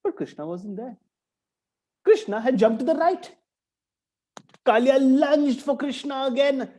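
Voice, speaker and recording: A man telling a story to young children, expressive and full of sound effects. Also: very high voice, measured pace.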